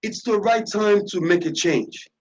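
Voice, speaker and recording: A man's voice: high voice, a little slow, lo-fi sound. A man hosting a radio talk show, delivering an impassioned, preachy monologue with lots of repetition and emphasis.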